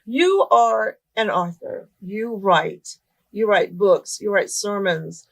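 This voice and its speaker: A woman hosts a chatty interview show in a mid-range voice. She asks her questions casually. She fills the gaps with steady, encouraging affirmations. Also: medium pitch, slow, vocal fry. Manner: encouraging, many backchannel affirmations. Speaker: podcast host.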